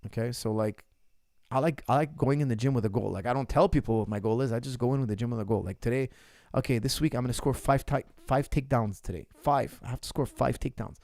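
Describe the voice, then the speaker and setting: A man's voice: medium pitch, fast talker, a little mellow, no room sound. A man in his forties, a martial arts coach answering viewer questions in a casual livestream, blunt and emphatic, repeating his key points. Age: 40s.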